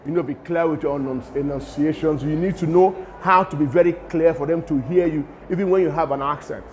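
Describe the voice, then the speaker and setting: A middle-aged Nigerian man with a Nigerian accent, giving a lively lecture to students and mixing in pidgin asides. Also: on the high side, quick pace, a little hiss or hum. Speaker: guest lecturer.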